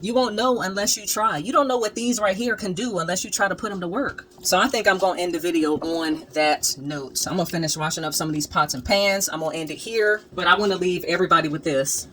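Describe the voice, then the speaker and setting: A woman hosting a DIY channel, telling stories and chatting to camera at home in a candid, animated, slangy way, cheering her viewers on. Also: on the low side, quick pace, hardly any pauses, slight background noise. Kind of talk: casual storytime chat to camera. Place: at home, moving between rooms.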